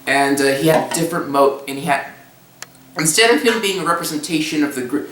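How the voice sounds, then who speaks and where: A young man tells a rambling story in a casual, halting way, restarting his sentences often. His voice has a bright edge. He sounds a little away from the mic, in a roomy, echoey space. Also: fairly high pitch, lively intonation, distant mic, a little hiss or hum. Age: young adult. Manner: halting, restarts, breaks into silly voices and laughs. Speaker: storyteller recounting a trip.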